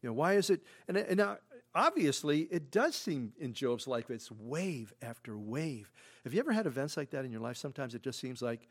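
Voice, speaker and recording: Brief: middle-aged man, pastor, casual chatty sermon, mid-range voice, hushed then suddenly loud. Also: medium pitch, very animated, brisk. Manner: conversational, repeats himself, frequent "you know"; swings from hushed to loud emphatic bursts. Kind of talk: expository sermon.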